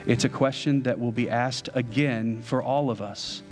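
A man's voice: mid-range voice, steady tone, normal speed. A man preaching a sermon as pastor, earnestly pleading with his listeners through repeated direct questions during a church service. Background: soft guitar music.

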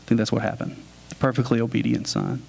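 A man's voice: mid-range voice, flat delivery, fast, vocal fry, a little mellow. Man preaching in a casual storytelling way. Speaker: pastor. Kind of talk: sermon.

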